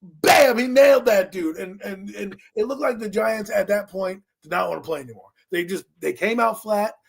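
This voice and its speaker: A husky, high-pitched man recounts a football game on a sports talk stream. He jumps between quiet asides and loud exasperated outbursts. His voice is breathy and pitched well above most men. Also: moderate pace. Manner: excitable storyteller, swings from low muttering to loud outbursts. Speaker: co-host. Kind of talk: animated sports chat.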